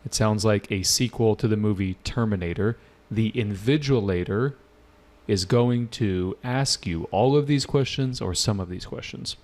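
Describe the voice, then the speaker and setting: Emphatic lower-voiced male teacher. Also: normal speed. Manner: energetic, repeats points for emphasis, asks students questions. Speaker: English test-prep teacher. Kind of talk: live online lesson.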